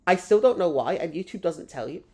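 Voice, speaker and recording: A woman's voice: on the low side, expressive, brisk, warm tone. A woman hosting a live gameplay stream, chatting with her audience in a rambling, self-mocking way. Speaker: gaming streamer.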